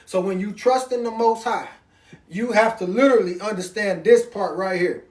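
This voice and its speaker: A man's voice: high-pitched, moderate pace. Male preacher, casual sermon delivery, reads then explains in everyday talk, recorded off-mic in a roomy space. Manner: reads passages aloud, then explains them in plain talk; loose, conversational, with sudden emphatic rises. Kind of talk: informal sermon. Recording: roomy, distant sound.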